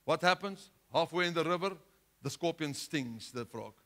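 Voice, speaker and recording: Emphatic, bright-voiced man preaching. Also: a little high, expressive, normal speed. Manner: emphatic preaching with rhetorical questions, swinging between loud and hushed. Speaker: pastor. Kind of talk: sermon.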